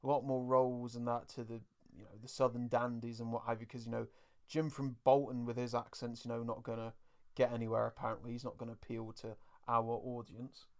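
A man's voice: medium pitch, flat delivery, fairly quick. A British man hosting a casual podcast, chatty and rambling, laughing easily as he recaps an episode. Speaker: podcast host.

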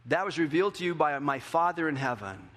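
A man preaching a sermon as pastor, animated, acting out the quotes in a raised voice. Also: fairly high pitch, brisk. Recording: hall with long reverb.

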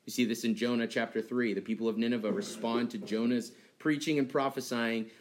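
Casual, animated young male pastor. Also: medium pitch, a little fast. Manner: conversational and animated, acting out childhood dialogue with laughs. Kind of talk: sermon.

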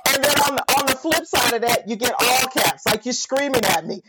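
A woman, a mother, co-hosting a casual chat, animated and opinionated, mimicking people in mocking voices. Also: on the high side, fairly quick. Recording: loud background hiss.

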